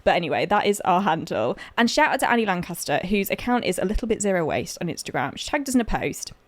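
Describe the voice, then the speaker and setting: A woman's voice: lowish voice, big pitch swings, quick pace, dry recording. A young woman from Lincolnshire co-hosts a podcast in a casual, chatty way. She rambles a little, restarting sentences and dropping in fillers. The sound is dry and close. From Lincolnshire, England. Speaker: podcast co-host. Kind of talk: casual chat.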